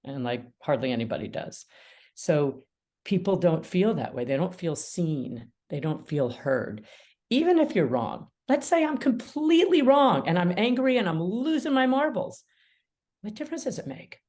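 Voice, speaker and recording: A woman's voice: medium pitch, big pitch swings, moderate pace, a little mellow. A middle-aged woman mediator and author, talking animatedly in a podcast interview, laughing often and acting out quoted dialogue. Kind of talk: conversational interview.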